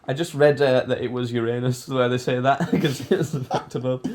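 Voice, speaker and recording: A young man from England hosts a casual podcast chat. He jokes and teases his co-host and laughs a lot. His voice sits at a middle pitch. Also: fairly even intonation, normal speed, darkish tone. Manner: joking, teasing, laughs often.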